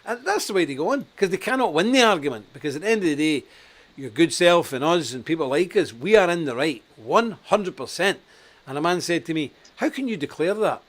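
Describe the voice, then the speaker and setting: A man's voice: a little high, lively intonation, a little fast, fairly bright tone. Blunt, emphatic male talk show host. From Scotland. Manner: blunt, emphatic, laughs at his own stories. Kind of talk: live online talk show chat.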